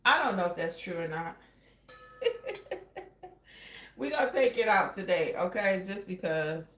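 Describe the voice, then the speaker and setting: A woman's voice: medium pitch, expressive, measured pace, a bit bright, faint music behind. Chatty woman vlogging in a roomy kitchen. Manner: chatty, addresses viewers as y'all. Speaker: cooking vlog host. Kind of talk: casual cooking demo chat. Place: home kitchen.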